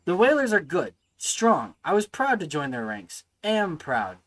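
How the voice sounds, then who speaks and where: A man's voice: fairly high pitch, huge pitch swings, unhurried, a bit bright, heavily acted, low-quality recording. A man reading aloud and voicing a treacherous male guard from a game, who is nervous at first and sneering later. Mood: bitter. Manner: panicky yelps turning to bitter gloating.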